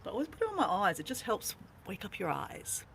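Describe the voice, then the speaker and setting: A woman's voice: mid-range voice, wildly swooping pitch, quick pace, gravelly, fairly bright tone, a little hiss or hum. An Australian woman chatting casually on a livestream from her camper van, playful and talkative as she greets viewers. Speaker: vlogger greeting live viewers.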